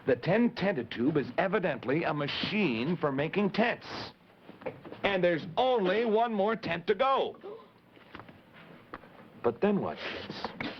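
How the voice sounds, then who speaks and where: A high-voiced man hosting a children's show, swooping lively in pitch as he speaks straight to the kids. The recording is dull and lo-fi with a faint hiss beneath it, like old 1950s TV. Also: slow, long pauses. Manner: animated, addressing kids directly.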